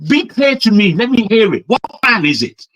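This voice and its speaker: A man's voice: sits high, very animated, normal speed, fairly bright tone, no room sound, highs cut off. A man from Nigeria, hectoring a panel with heated rhetorical questions. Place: living in the West.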